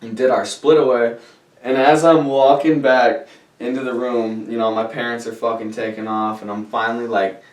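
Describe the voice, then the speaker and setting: A man's voice: mid-range voice, moderate pace. A man telling a rambling story on a podcast with lots of swearing, recorded in a roomy space away from the mic. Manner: rambling, heavy swearing, animated when retelling. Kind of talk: casual storytelling chat. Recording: roomy sound, distant from mic.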